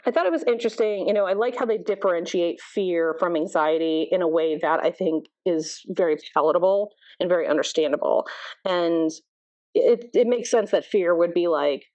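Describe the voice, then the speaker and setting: A woman's voice: on the low side, normal speed, darkish tone, no echo. A middle-aged woman therapist, a podcast guest, explaining thoughtfully with many fillers. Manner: thoughtful, explaining with many likes and you knows. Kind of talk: conversational podcast interview. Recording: dull, dry podcast audio.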